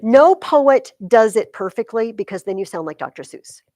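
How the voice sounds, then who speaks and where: A woman teaching a high school English class, explaining poetry in a chatty, lively way. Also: moderate pace, no echo. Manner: chatty, explains with sing-song rhythm examples. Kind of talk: classroom lecture.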